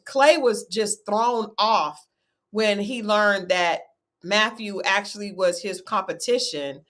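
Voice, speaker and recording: A woman hosting a casual recap chat of a dating show, talking in a chatty way and leading with questions. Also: mid-range voice. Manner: chatty, animated, leads with questions. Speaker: host.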